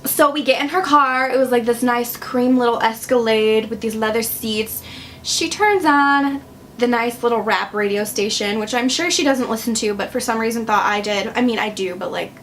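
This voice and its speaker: A woman's voice: fairly high pitch, moderate pace, a bit bright, slight background noise. Chatty young woman telling a story. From Wisconsin, USA. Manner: chatty, sarcastic storytelling with frequent "like". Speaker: vlogger. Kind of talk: storytime vlog.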